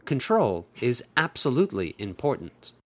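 A man's voice: mid-range voice, very animated, moderate pace. A man voicing a bashful, polite young man in an adult audiobook, speaking tactfully and a little sheepishly.

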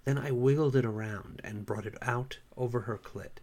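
A man's voice: medium pitch, moderate pace, darkish tone. Wry, chatty male author-narrator. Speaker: self-published author reading his story. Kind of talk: casual intro, then story narration.

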